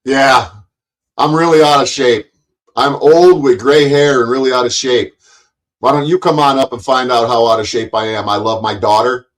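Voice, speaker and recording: A man's voice: mid-range voice, fairly even intonation, moderate pace, rough recording. A man hosting a livestream, ranting at his chat in a profane, taunting, confrontational way. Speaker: livestream host.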